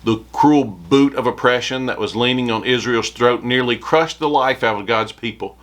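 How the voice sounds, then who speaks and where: A man's voice: medium pitch, normal speed, fairly bright tone. A man preaching a short devotional sermon, reading scripture aloud with rising emphasis.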